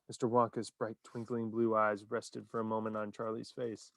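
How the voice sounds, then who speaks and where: A man narrating a children's story in an expressive, animated reading. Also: on the low side, moderate pace, vocal fry, hardly any pauses, dry recording, clean studio sound.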